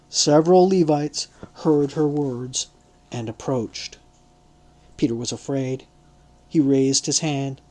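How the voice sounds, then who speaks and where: A man narrating a literary audiobook in a measured, deliberate reading style. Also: mid-range voice, mellow.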